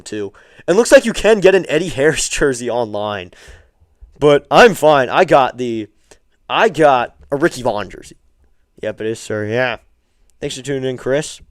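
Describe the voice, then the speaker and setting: A man calling amateur baseball play-by-play on a live stream, calm between pitches and lifting his voice on each hit, with chatty asides to viewers. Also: no room sound, studio quality.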